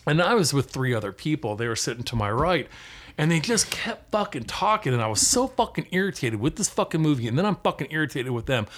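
A man's voice: a little high, sing-song, fast talker, fairly bright tone. Profane, heated man telling stories. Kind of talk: casual chat.

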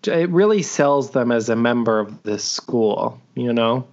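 Through dull, lo-fi video-call audio, a man co-hosting a podcast jokes and swears his way through an episode recap, voicing the characters as he goes. He has a medium-pitched, somewhat dark voice with lively intonation and a measured pace.

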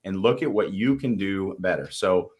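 Deep and darkish in tone, this man's voice moves at a moderate pace. He co-hosts a motivational podcast with a Boston accent, telling stories earnestly and casually, with some loose profanity.

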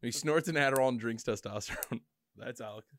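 A man's voice: mid-range voice, a little fast, slight background noise. A man co-hosting a podcast, joking and swearing in casual banter and laughing a lot. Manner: joking, profane, giggly.

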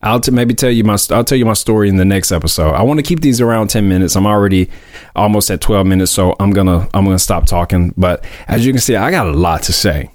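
A man's voice: on the low side, a little mellow, dry recording, clean studio sound. A man hosting his own podcast, talking earnestly and emphatically, stretching out key words as he makes his point. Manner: earnest, emphatic, drawn-out stresses; confident, heartfelt motivational talk. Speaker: podcast host. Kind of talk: casual solo podcast monologue.

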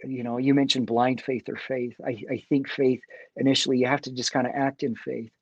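A middle-aged man speaking earnestly as a guest, often halting and restarting his sentences. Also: medium pitch, flat delivery, husky, no echo, dull audio. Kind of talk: faith conversation.

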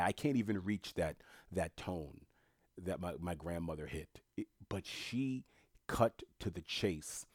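A man's voice: deep voice, no echo, clean studio sound. A man giving a blunt, emphatic monologue, often repeating words for stress. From Haitian family. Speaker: commentator. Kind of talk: casual monologue commentary.

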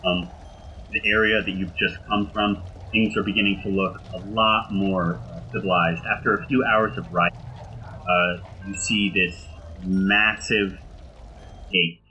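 A man's voice: low voice, breathy edge, highs cut off. A man narrating a tabletop game as game master, describing scenes with many "uh"s and "um"s. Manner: filler-heavy, descriptive, unhurried narration.

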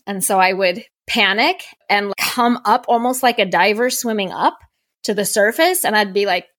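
A woman podcast host reflectively tells a story from her own life, voicing her thoughts as quotes. Her mid-range voice has a fairly bright tone, recorded dry with clean studio sound.

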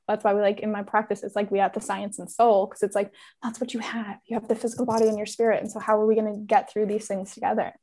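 A woman guest on a podcast, talking fast and animated in casual chat. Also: mid-range voice.

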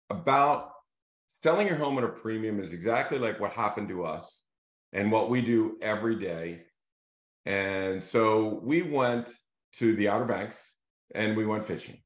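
A man hosting a casual video series, telling a fishing story in a loose, animated way and acting out the voices of the people in it. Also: fairly low pitch. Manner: animated storyteller who acts out quoted voices. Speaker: real estate team leader hosting a video series. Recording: echoey room.

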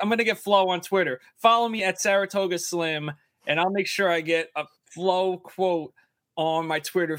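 Man, guest handicapper, chatty, joking asides, somewhat high voice, dry sound. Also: fairly bright tone, no room sound. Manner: chatty, quick asides and jokes. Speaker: guest horse racing handicapper. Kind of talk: casual podcast chat.

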